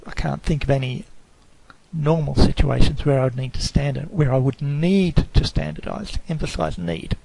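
A man giving a screencast tutorial on a statistics program, explaining slowly and carefully, sometimes correcting himself mid-sentence. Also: a little high, vocal fry, darkish tone, no room sound, rough recording. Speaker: lecturer.

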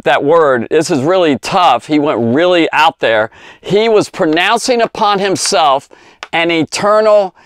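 A man gives an informal Bible lesson for children, talking in a loose, rambling way and stretching out the words he wants to stress. His voice sits a little high, and the recording is dry with almost no room sound. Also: clear, resonant tone, no echo. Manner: rambling, conversational, with many fillers and asides. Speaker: Bible teacher for kids.

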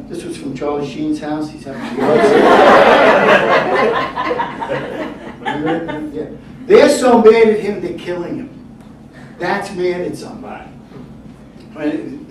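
A man's voice: fairly high pitch, expressive, crowd noise. A man doing a stand-up comedy set on a club stage, telling stories with wry timing. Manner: wry storytelling with punchline pauses. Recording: echoey room from a distance, noisy.

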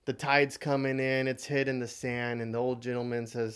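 A man vlogger telling a motivational story in an animated, dramatic way. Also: medium pitch, normal speed, smooth.

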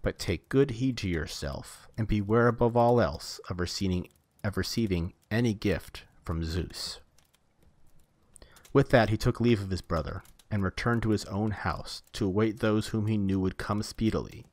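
A man reads an old myth aloud in a lowish voice, measured and formal. The sound is dry and close, with no room around it. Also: darkish tone, dry recording. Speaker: reader. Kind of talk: reading a storybook aloud.

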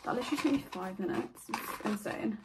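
A teenage girl chatting excitedly in a casual vlog from her bedroom. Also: mid-range voice, a little fast, heavy background noise. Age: teens. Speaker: vlogger. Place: bedroom at home.

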